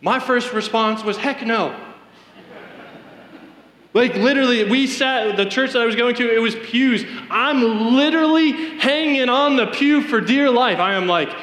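Male preacher, high bright tone, earnest testimony, roomy church reverb. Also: normal speed, hardly any pauses. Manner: earnest storytelling, addresses congregation directly. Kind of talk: sermon. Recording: echoey hall reverb.

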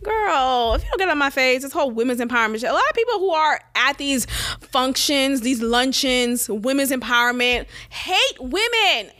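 A woman's voice: sits high, animated, a little fast, fairly bright tone. A woman hosting a solo podcast, talking bluntly and animatedly, laughing and swearing as she goes. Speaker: podcast host. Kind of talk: casual solo podcast rant.

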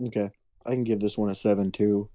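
A man's voice: lowish voice, flat delivery, fast talker, warm tone, dry recording. Man weighing a movie, dry close sound. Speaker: podcast co-host. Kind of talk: casual chat.

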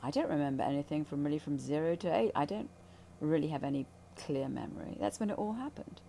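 A woman speaks about spiritual healing in a lowish, mellow voice. She is blunt and intense, swears freely, and has a faint hum behind her. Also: quick pace, creaky. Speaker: ayahuasca ceremony guide. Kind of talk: candid spiritual talk.

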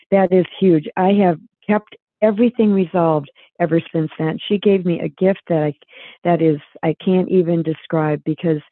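A woman's voice: fairly low pitch, dry recording. Earnest woman on a tinny phone line. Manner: earnest, reflective, many restarts. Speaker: guest author. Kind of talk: emotional personal storytelling.

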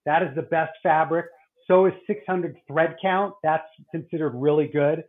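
Rambling doctor on a tinny line. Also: male voice, on the high side, steady tone, normal speed. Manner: rambling, many restarts and fillers. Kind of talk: casual podcast chat.

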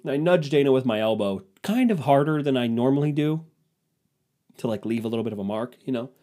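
A young man with a warm, mid-range voice hosts a solo podcast, speaking briskly and expressively. He tells comedic stories in a rambling, crude manner, often poking fun at himself.

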